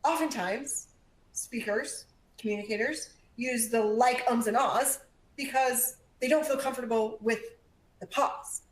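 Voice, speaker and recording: Emphatic female speaking coach, higher voice, roomy presentation hall sound. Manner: energetic and emphatic, varies volume and pace, uses pauses. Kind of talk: presentation to a live audience. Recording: echoey room.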